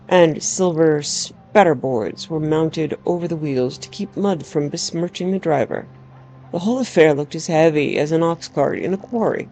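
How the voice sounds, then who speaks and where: A woman's voice: low-pitched, animated, moderate pace, dark tone, faint music behind. A woman narrating a first-person story aloud in a wry, dramatic storytelling manner. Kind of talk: storybook reading.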